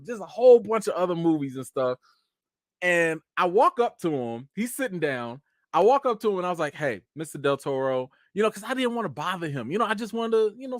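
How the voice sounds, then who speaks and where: A man recaps an event for his online audience in a loose, chatty way. His voice sits a bit high and bounces all over the place as he acts out each moment. The recording is close and dry. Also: dry recording. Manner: animated storytelling, addresses viewers as "y'all". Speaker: channel host. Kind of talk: casual live chat recap.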